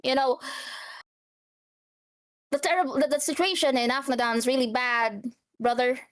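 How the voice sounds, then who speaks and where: A woman's voice: high-pitched, steady tone, normal speed, lightly acted. A woman voicing a brash male half-brother with an attempted Southern drawl, rambling and folksy in a tabletop game. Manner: folksy, rambling, loose with swearing. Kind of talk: tabletop role-play character voice.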